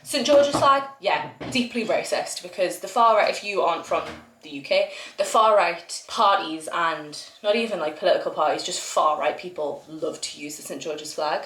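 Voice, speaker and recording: A woman's voice: lowish voice, moderate pace, few pauses, a bit bright, slight background noise. A young woman with a Northumbrian accent, chatting casually to camera and laughing often as she talks. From Northumberland, England. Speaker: vlogger. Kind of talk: casual chat. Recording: roomy echoey room.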